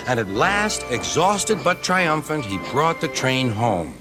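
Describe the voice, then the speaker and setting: Brief: male storybook narrator, slightly raised pitch, lively lilt, soft music under. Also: slow pace, few pauses.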